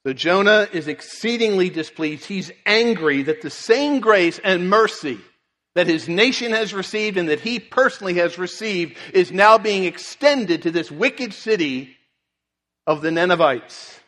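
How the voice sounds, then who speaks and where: A man's voice: high-pitched, lively intonation, measured pace, fairly bright tone. A man preaching a sermon, earnestly reading and explaining scripture. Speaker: pastor. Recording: long reverb in a large hall.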